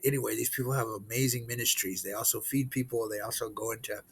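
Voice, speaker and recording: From a missionary post abroad, a man with a medium-pitched, fairly even voice delivers an informal, conversational sermon, with slight background noise behind him. He reads scripture aloud and explains it haltingly, often restarting and using lots of fillers.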